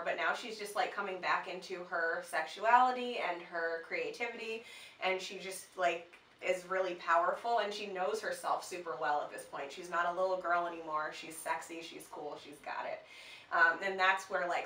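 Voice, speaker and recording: A woman's voice: fairly low pitch, normal speed, pushed and bright. A woman co-hosting a casual chat, talking loosely with lots of fillers. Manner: chatty, uses many fillers. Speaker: co-host. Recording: echoey room, mic at a distance.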